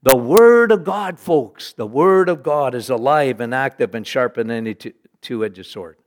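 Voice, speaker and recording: A middle-aged man preaching a sermon, animated, rising to emphatic bursts and dropping low for weight. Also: moderate pace.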